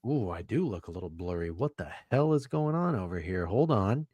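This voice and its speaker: A man's voice: on the low side, sing-song, a little fast, a little mellow, no echo, muffled recording. A young man co-hosting a casual sports betting show over a video call, joking and swearing while fussing with his camera. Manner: profane, joking, flustered by camera trouble. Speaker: podcast co-host.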